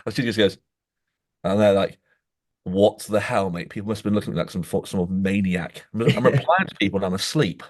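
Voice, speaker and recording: A man co-hosting a podcast, telling stories in animated casual chat, saying "mate" often and acting out quoted voices. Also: fast talker. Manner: animated storytelling, says "mate" constantly; acts out quoted voices with jumps in pitch. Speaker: podcast co-host.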